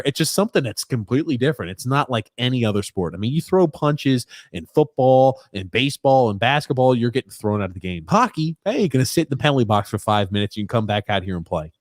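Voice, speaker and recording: A man's voice: medium pitch, sing-song, quick pace, few pauses, no echo, studio quality. A young man co-hosting a casual sports podcast, reading viewer comments and riffing on them with emphatic, repeated phrases. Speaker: podcast co-host.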